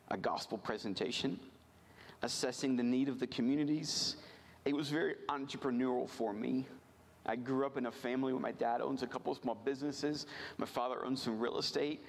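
A man from rural Virginia telling a personal story to a church audience, animated and self-deprecating, often asking the crowd questions. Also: mid-range voice. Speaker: missions speaker.

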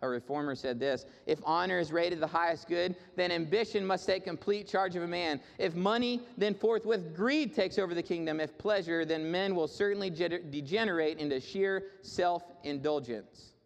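Gravelly preacher man in a reverberant hall. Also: normal speed, few pauses. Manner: swings from raised emphatic preaching to low conversational asides. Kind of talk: sermon.

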